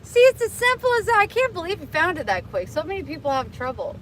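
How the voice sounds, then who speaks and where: A woman's voice: extremely high pitch, wildly swooping pitch, fast, a bit bright, slight background noise. A woman vlogger live-streaming casually from her car, chatty and thankful to viewers.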